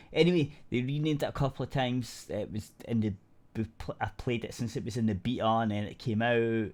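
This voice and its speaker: A man co-hosting a podcast, telling a gaming story in loose, rambling casual chat with frequent restarts and casual swearing. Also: on the low side. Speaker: podcast co-host.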